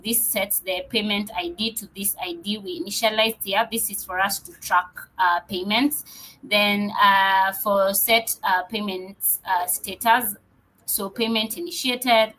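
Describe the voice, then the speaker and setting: Woman tech presenter, bright tone, walks through code step by step with many pauses and fillers; faint noise behind. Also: medium pitch, rough recording. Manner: explanatory, hesitant with frequent fillers. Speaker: developer relations presenter. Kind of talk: live coding walkthrough.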